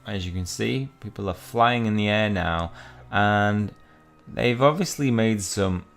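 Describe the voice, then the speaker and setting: A young man with a very low voice and a gravelly, creaky edge talks through a mobile game. He is chatty and rambling, reading the in-game text aloud and musing to his viewers between taps. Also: a little slow, a bit bright, soft background music. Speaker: mobile game let's-play host. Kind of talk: casual gaming commentary.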